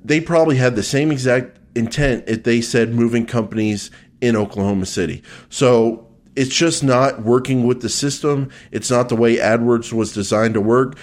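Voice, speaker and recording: A man in a casual podcast chat with a mid-range voice, trading jokes before settling into a steady, practical explanation. He uses a few fillers but keeps the thread clear. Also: mid-range voice, normal speed. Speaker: podcast co-host, search ads expert.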